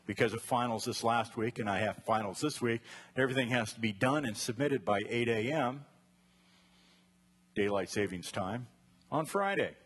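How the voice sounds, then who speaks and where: A middle-aged man preaching a sermon as a pastor, telling a personal story in an animated way and acting out the voices in his head. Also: medium pitch, moderate pace, breathy edge.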